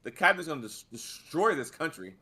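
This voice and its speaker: A man's voice: on the high side, very animated, fairly quick, pushed and bright. A man co-hosting a podcast, talking bluntly and dismissively in casual chat. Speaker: podcast co-host.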